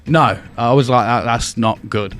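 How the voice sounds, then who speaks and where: Young English guy, podcast co-host, animated and sweary storyteller, mid-pitched voice. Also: unhurried, smooth, faint music behind. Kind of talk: casual storytelling chat.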